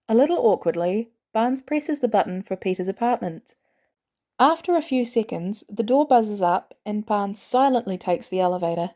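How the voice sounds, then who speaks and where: A woman reads a fan audiobook aloud, calm and measured in her narration. Her mid-pitched voice carries a noticeable gravelly fry. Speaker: podfic narrator.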